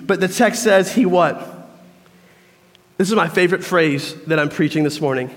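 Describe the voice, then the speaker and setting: A man's voice: high-pitched, moderate pace. A man preaching a sermon, telling a story and acting out crowd voices. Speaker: pastor. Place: church. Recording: long reverb of a church hall.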